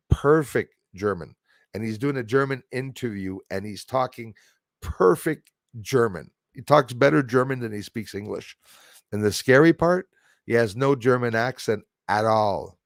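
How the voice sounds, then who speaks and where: A man's voice: mid-range voice, unhurried, no room sound, studio quality. A man from Canada hosting a casual livestream, talking in an emphatic, rambling way with many fillers and restarts. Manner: reads out and thanks viewers in chat. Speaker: livestream host.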